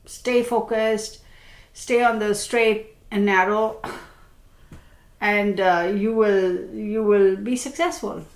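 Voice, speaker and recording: A woman's voice: mid-range voice, steady tone, takes it slowly, reverberant. A woman reading tarot cards. She sounds tired and congested from allergies, and she talks in a chatty, reassuring way with many fillers. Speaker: tarot reader.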